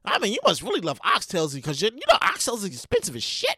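A woman hosting a comedic news podcast, talking in a loud, exasperated and animated way, swearing and repeating herself. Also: mid-range voice, fast, breathy edge, no echo. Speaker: podcast host.

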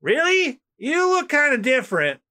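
Man putting on an excitable young pirate boy, high yelps, bright tone. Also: moderate pace, heavily acted. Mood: puzzled. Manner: high, yelping, astonished.

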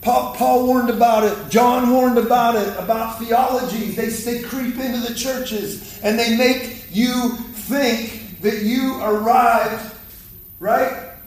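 A man's voice: extremely high pitch, fairly even intonation, takes it slowly. A man preaching a fiery sermon in a church, exhorting the congregation and calling for their response. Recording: echoey hall, mic from far off.

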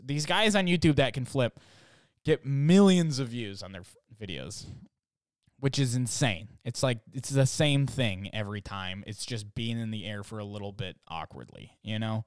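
A young man tells comic anecdotes in a loose, rambling way, leaning on "like" and swearing as he acts out what others said. His voice is smooth and clear. The recording is dry and close, with no room sound. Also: mid-range voice, normal speed, dry recording. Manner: rambling, full of "like", profane, acts out others' lines. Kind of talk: casual comic storytelling.

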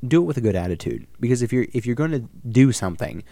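A young adult man co-hosting a casual podcast chat, telling a story in an animated way and acting out the voices he quotes. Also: medium pitch, fast, gravelly, no room sound. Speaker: podcast co-host.

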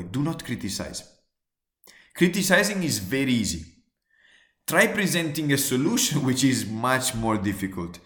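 A man's voice: lowish voice, fairly bright tone. Guy giving earnest advice tips, asks lots of rhetorical questions, bit of room echo. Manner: earnest, emphatic, repeats key points, asks rhetorical questions. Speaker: presenter giving workplace advice. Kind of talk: spoken advice talk, numbered tips.

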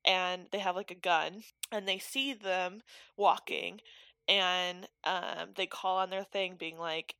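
A woman on a podcast retelling a film's ending in casual chat, animated, swearing freely and acting out the characters' lines. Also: lowish voice, slow, smooth, dry recording. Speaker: podcast co-host. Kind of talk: casual movie recap.

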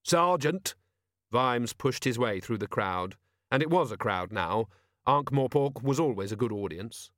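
A man narrating an audiobook in a measured, wry way. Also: mid-range voice, lively intonation, a bit bright, no room sound, studio quality. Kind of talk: scripted narration.

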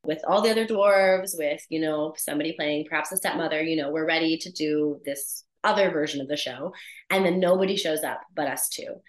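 A woman actor chatting as an interview guest, animated and laughing often as she tells stories about her work. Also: low voice, roomy sound. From Canada. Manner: animated storyteller, laughs often, many restarts. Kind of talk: casual interview chat.

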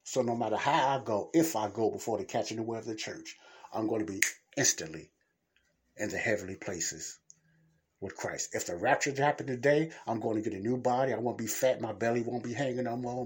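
A man's voice: mid-range voice, fairly quick, breathy edge. A middle-aged man hosting a Christian podcast, preaching in a blunt, casual, colloquial way and repeating points for emphasis.

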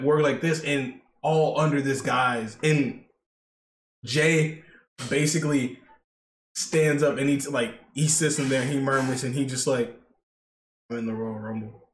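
A man co-hosting a podcast, retelling events in a rambling way, stuffed with "like" and "basically". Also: fairly high pitch. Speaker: podcast co-host. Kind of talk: casual chat. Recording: echoey room with faint noise.

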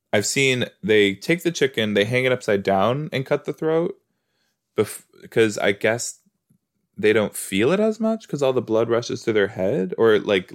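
A low-voiced man chats loosely through a TV episode, his pitch swinging up and down as he reacts. He rambles, trips over his own sentences and breaks off mid-thought. He sounds excitable and casual throughout. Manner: rambling, excitable, self-interrupting. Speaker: podcast host reacting to a TV episode.

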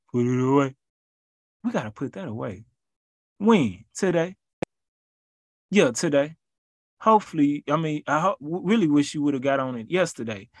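Guy preaching casual, repeats lines over and over, mid pitch, dry close sound. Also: no echo. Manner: repetitive, rhythmic exhortation in casual slang. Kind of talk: informal preaching to a listener.

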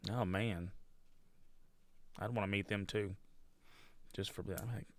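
A man's voice: lowish voice, steady tone, unhurried. A man co-hosting a podcast who laughs often through casual chat. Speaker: podcast co-host.

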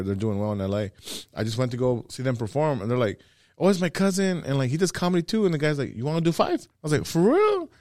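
A man, a stand-up comedian, chatting casually as a podcast guest and telling animated stories. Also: medium pitch, dry recording, studio quality. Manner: animated storyteller, acts out other voices.

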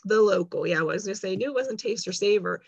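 A woman's voice: mid-range voice, lively intonation, fast talker, gravelly, slightly rough, no echo, lo-fi sound. A woman telling a long story in casual chat, acting out the lines of people she quotes. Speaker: guest.

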